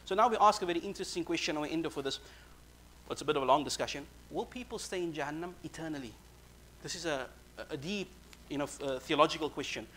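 A man giving a sermon, quickly reciting verses and then explaining them in casual, conversational English. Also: a little high, fairly bright tone, a little hiss or hum. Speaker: Islamic preacher.

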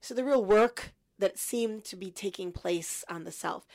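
A woman in her fifties, a guest in an interview, telling a personal story in a lively way and acting out her younger self. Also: medium pitch, measured pace. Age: 50s. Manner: animated storyteller, acts out her past self.

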